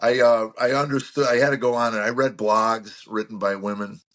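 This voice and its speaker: A man's voice: medium pitch, flat delivery, brisk, a bit bright. A man in his sixties, a comedian being interviewed, telling wry self-deprecating stories and acting out quoted lines. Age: 60s. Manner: acts out quoted lines and car-engine noises. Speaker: guest comedian. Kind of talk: storytelling interview chat.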